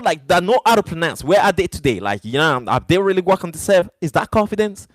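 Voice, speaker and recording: A man hosts a live stream in English, which is not his first language. His voice sits somewhat high, and he hammers points home by repeating words straight at his chat. The sound is dry and close, with no room echo. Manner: repetitive, emphatic, talks straight to chat. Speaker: livestream host.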